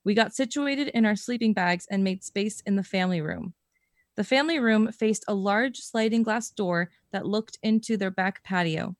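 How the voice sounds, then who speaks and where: Young woman podcast host reading a story aloud, expressive, dry close sound. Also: mid-range voice, moderate pace, no room sound. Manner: expressive reading, breaks into laughter and swearing.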